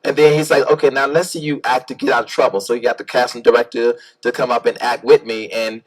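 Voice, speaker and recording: A man's voice: medium pitch, fast. A man being interviewed as a guest actor and filmmaker, chatting casually and acting out the people in his stories. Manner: animated storyteller, acts out quotes.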